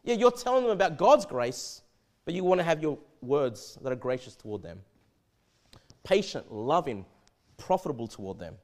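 A man preaching a verse-by-verse sermon, animated and often repeating and restarting his words. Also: on the high side, normal speed. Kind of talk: expository sermon.

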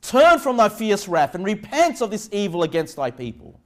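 A man preaching a conversational sermon, moving between casual asides and loud, emphatic passages of prayer and scripture. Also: high-pitched, sing-song, moderate pace. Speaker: pastor.

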